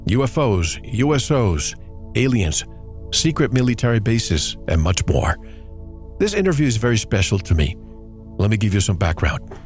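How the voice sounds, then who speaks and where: A man's voice: on the low side, sing-song, moderate pace, a little mellow, faint music behind. A man from Puerto Rico hosting a radio program, opening the show and introducing his guest in a polished broadcast manner. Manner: smooth, polished broadcast delivery. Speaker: radio host.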